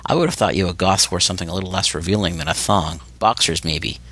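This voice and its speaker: A man's voice: low-pitched, fast, fairly bright tone. A man voicing a leering, creepy male kidnapper who taunts and sneers.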